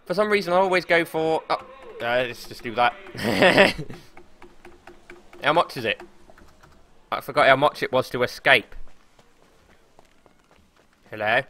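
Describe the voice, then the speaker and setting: A young man streaming a game live, commentating excitably with frequent swearing and laughter into a desk or headset microphone. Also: medium pitch, measured pace, long pauses. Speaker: gaming streamer.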